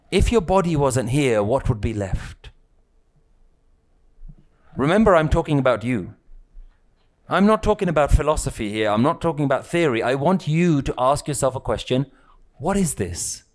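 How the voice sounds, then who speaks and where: A male spiritual teacher speaks to a live group in an unhurried, deliberate way. His voice sits in a middle range, and he builds his points through repeated phrases and questions put to his listeners. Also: mid-range voice, sing-song. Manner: slow, questioning, repetitive phrasing; rhetorical questions to the audience.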